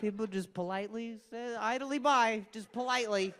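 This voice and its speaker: A man's voice: high-pitched, moderate pace, fairly bright tone, clear, resonant tone. A young man doing stand-up crowd work, stammering and repeating words, laughing often. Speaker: stand-up comedian. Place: comedy club stage.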